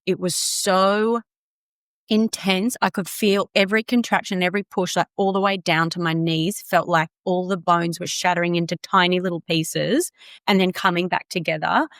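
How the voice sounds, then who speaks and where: A woman's voice: fairly low pitch, fairly even intonation, normal speed, dry recording, studio quality. A woman guest on a podcast, telling her story casually and animatedly, acting out quotes with laughter.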